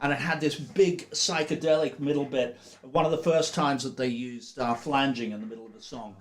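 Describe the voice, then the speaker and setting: A man's voice: mid-range voice, moderate pace. A man hosting a casual livestream from a studio, chatty and rambling in an upbeat way. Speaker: livestream host.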